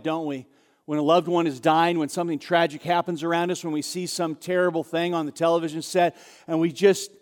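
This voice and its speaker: High-voiced pastor preaching in a hall. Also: male voice. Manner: animated storytelling, acts out dialogue, conversational. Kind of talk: sermon. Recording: long hall reverb.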